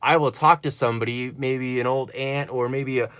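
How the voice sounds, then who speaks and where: A man's voice: mid-range voice, fairly even intonation, moderate pace, clear, resonant tone, dry recording, muffled recording. A man talking in a rambling personal monologue, earnest and full of fillers and restarts. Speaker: vlogger.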